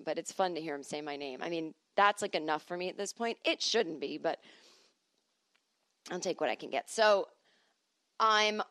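A woman's voice: lowish voice, a bit bright, no echo. A woman hosting a podcast alone, telling wry, rambling stories in a chatty way, full of asides and quoted voices. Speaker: podcast host. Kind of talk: casual solo podcast monologue. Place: at home.

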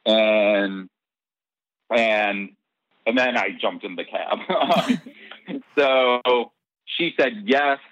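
A man being interviewed tells a long personal anecdote in a casual, animated way, acting out the dialogue and laughing between lines. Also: medium pitch, very slow, pauses often, dry recording. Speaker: interview guest. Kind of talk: casual storytelling. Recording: dull, lo-fi dry recording.

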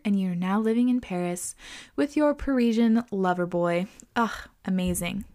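A woman podcast host reading listener stories aloud and reacting casually, animated and expressive, laughing often and swearing. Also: on the high side, normal speed.

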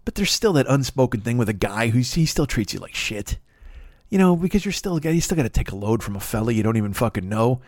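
A man's voice: medium pitch, expressive, fast talker, darkish tone, no echo, studio quality. A man delivering a crude, rambling comedic monologue as a podcast host, swearing constantly and slipping into songs and voices. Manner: profane, rambling, bursts into singing and put-on voices.

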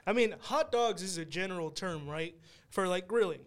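A man's voice: high-pitched, lively intonation, normal speed. A man guesting on a comedy podcast, giving short amused replies and playing along. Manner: brief laughing replies, plays along. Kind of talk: casual chat.

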